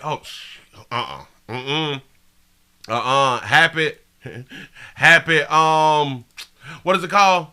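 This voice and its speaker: A man hosting a live stream, reading chat shout-outs in an excitable, slangy way with frequent laughs and repeated catchphrases. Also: mid-range voice, clean tone. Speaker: livestream show host.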